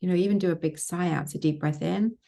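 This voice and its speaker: A woman's voice: fairly low pitch, fast, creaky, dark tone. A woman coaching on manifestation in a casual motivational vlog, emphatic, repeating phrases and swearing freely.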